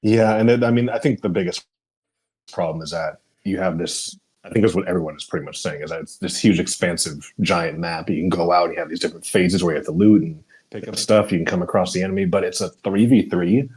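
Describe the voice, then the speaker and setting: A man co-hosting a podcast, talking in a relaxed, rambling way with lots of fillers. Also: deep voice, fairly quick, slightly rough. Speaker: podcast co-host. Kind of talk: casual chat.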